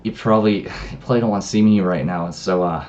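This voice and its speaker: A man's voice: sits low, fast, darkish tone, dull audio, voice pushed down, close to an everyday voice. A man voicing a mocking, condescending shapeshifting creature that needles its victim with fake apologies. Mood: mock apology.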